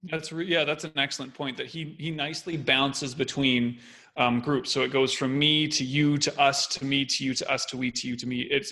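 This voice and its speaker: Bright-voiced man breaking down a speech. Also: medium pitch, vocal fry. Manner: animated, explaining step by step. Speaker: co-host. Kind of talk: casual analytical chat.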